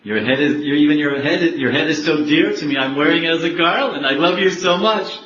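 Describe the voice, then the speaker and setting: A man playing a peaceful god who calmly and tenderly explains himself to his wife. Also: on the high side, brisk, a little hiss or hum, natural voice. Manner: calm, then warmly emphatic. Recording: echoey, dull room recording.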